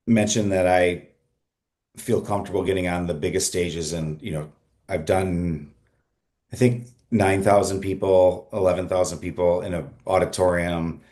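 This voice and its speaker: Deep voiced middle aged guy on a podcast, earnest and energetic, keeps restarting sentences. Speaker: podcast guest. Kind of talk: conversational interview storytelling.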